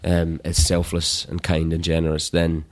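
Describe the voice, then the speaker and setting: Scottish actor guest, low deep voice, halting and reflective, relaxed interview chat. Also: male voice. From Scotland. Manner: thoughtful, halting, lots of "you know" and restarts.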